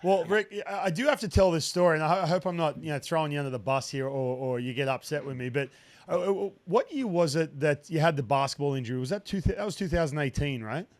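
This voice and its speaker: A man's voice: fairly high pitch, quick pace. A man in his thirties hosting a podcast, chatting with enthusiasm and frequent restarts. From Australia. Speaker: podcast host, broadcaster. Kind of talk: casual interview chat.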